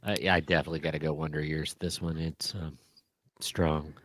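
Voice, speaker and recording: A man's voice: a bass voice, little pitch movement, brisk, a bit bright, a little hiss or hum. A man co-hosting a casual live podcast, talking in a joking, offhand way.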